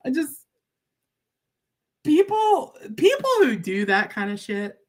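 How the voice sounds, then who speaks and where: A young woman hosting a casual live stream from her craft space, talking frankly as she works. Her voice swings up and down, lively and expressive. She laughs a lot and keeps asking "right?" to her viewers. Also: high voice, takes it slowly. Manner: chatty and blunt, laughs often, says "like" and "right?" a lot.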